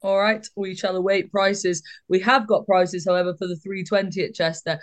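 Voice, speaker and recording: Brisk woman hosting a racing podcast. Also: medium pitch, level tone. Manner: brisk, joking presenter leading the panel. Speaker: podcast host. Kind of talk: casual racing tips chat.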